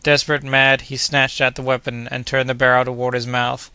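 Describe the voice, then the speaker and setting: A man reading a classic adventure novel aloud in a steady, measured narration. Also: mid-range voice, clear, resonant tone, dry recording. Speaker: audiobook narrator. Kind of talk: scripted narration.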